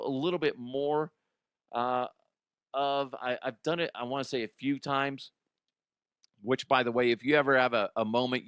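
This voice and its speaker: A man's voice: mid-range voice, fairly bright tone, clean tone, dry recording, studio quality. A man hosting a comedy podcast, rambling loosely and laughing between bits. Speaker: podcast host. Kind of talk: casual comedy monologue.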